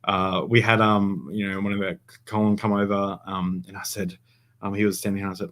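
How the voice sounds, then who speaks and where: Low-voiced man chatting casually. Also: little pitch movement, brisk, fairly bright tone. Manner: rambling, many fillers and restarts. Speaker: podcast host. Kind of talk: casual chat.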